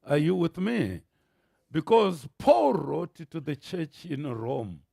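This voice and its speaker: Brief: Zimbabwean man, pastor, slow gravelly sermon delivery, high lively voice. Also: no room sound, studio quality. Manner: animated storytelling preacher, rising to shouts. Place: church.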